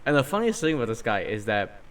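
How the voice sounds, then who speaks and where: Animated young man telling a story. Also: mid-range voice, quick pace. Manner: animated, swearing, acts out quotes loudly. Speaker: podcast co-host. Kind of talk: casual storytelling chat.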